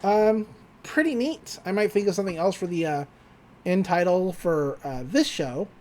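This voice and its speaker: A woman's voice: on the low side, lively intonation, moderate pace, darkish tone. A woman co-hosting a podcast, chatty as she recaps a cartoon episode, laughing often and using plenty of fillers. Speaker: podcast co-host.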